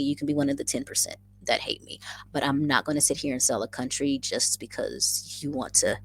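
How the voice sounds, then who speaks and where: A woman's voice: extremely low pitch, fast talker, slightly rough. A woman hosting a casual livestream, effusively greeting viewers by name and chatting through the comments, often repeating her phrases. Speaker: livestream host.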